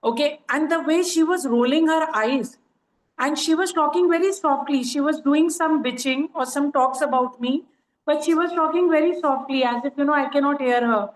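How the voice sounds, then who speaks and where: A woman chats through her experiences with plenty of "you know" fillers. Her voice sits high, and the room rings with echo. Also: moderate pace. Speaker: coaching participant sharing experience. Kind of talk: casual online group call.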